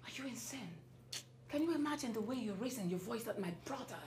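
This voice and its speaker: An actress playing a stern mother with a Nigerian accent, scolding her daughter and calming her brother. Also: fairly high pitch, fast talker. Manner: scolding, exclamatory. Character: stern middle-aged mother and company owner.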